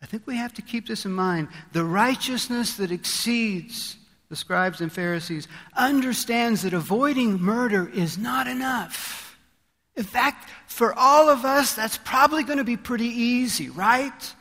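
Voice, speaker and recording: A man's voice: very high-pitched, a little slow, sharp tone, long reverb tail. A male pastor preaching a sermon in an earnest, conversational way, often asking his listeners rhetorical questions.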